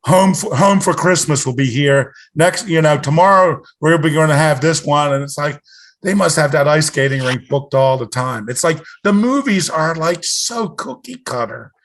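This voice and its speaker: A man's voice: fairly high pitch, normal speed. A man co-hosting a film podcast, chatting casually and saying "it's like" and "you know" a lot. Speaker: podcast co-host. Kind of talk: casual chat.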